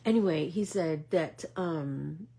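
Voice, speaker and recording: A middle-aged woman vlogger chatting casually as she makes art, telling a rambling story with many fillers and now and then dropping to a soft whisper. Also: sits low, creaky, slightly rough. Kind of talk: casual chat while making art.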